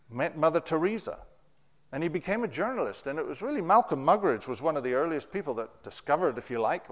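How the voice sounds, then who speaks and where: A man preaching a sermon, telling stories with wide swings in pitch and loudness. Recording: long reverb of a large hall.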